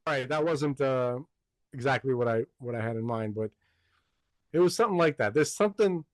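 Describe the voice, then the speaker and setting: A man's voice: medium pitch, brisk. A man hosting a podcast, chatting casually in a rambling, hesitant way with many restarts. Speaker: podcast host. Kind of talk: casual chat.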